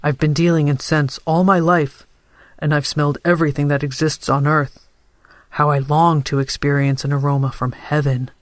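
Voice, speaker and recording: A man voicing a middle-aged scent dealer, a scheming salesman who keeps a calm, reasonable, persuasive tone. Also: fairly high pitch, normal speed, dry recording, clean studio sound, lightly acted.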